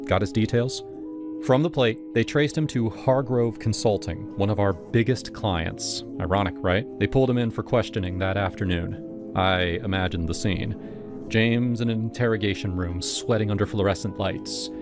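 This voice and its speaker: A man giving a steady, scripted first-person narration of a horror story. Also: lowish voice, moderate pace. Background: music.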